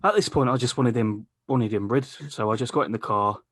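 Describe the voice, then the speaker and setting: A man's voice: mid-range voice, a little fast, fairly bright tone, no echo, clean studio sound. A man hosting a podcast, telling a long rambling story in casual chat, swearing freely and laughing mid-sentence. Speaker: podcast host.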